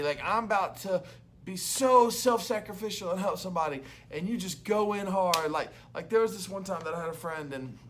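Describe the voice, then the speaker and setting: A young adult man, a youth pastor, giving an energetic, loud and chatty devotional talk to camera. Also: sits high.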